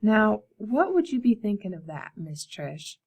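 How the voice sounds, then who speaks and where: A woman voicing a kindly male schoolteacher who encourages a young pupil, in a gentle storybook reading. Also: medium pitch, very animated, unhurried, husky, exaggerated voice. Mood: encouraging.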